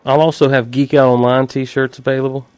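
A man's voice: medium pitch, level tone, fairly quick, a little mellow, smooth, no echo. A man co-hosting a casual podcast, making wry jokes and reading a listener email sincerely. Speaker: podcast co-host.

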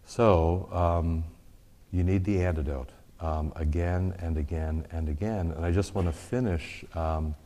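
Deep-voiced man preaching in a reverberant hall. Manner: repeats a prayer softly and slowly, trailing off; earnest, exhorting, with quick asides. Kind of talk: sermon.

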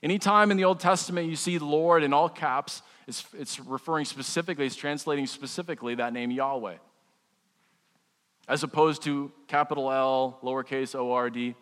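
A man's voice: a little high, fairly even intonation, normal speed, fairly bright tone. Man preaching in a reverberant hall. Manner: conversational preaching with humor and repeated restarts. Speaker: pastor. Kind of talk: sermon.

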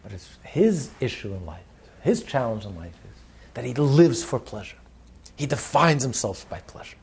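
A man's voice: mid-range voice, normal speed, vocal fry, husky. A man teaching on a religious text, repeating his words and telling stories with frequent laughter. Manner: repeats words, laughs often, lively storyteller.

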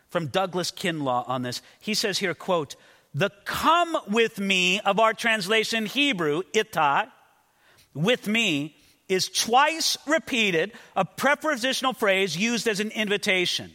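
A man's voice: high-pitched, lively intonation, a little slow, pushed and bright, in a large hall. A man preaching an expository sermon as a pastor, earnest and emphatic, often repeating words as he stresses a point.

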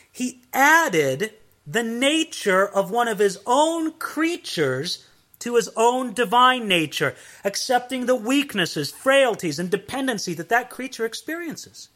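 A man preaching with a high, bright voice. He is earnest and emphatic and often puts rhetorical questions to his listeners. His delivery builds steadily as he makes each point. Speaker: pastor. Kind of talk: sermon.

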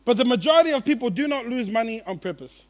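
A man preaching a sermon to a church gathering, animated and playful, swinging between loud and hushed. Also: extremely high pitch, quick pace.

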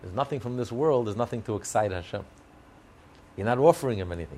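A man's voice: medium pitch, sing-song, quick pace, a little mellow, breathy edge. A man teaching a Torah class with emphatic, repeated rhetorical questions and occasional chuckles.

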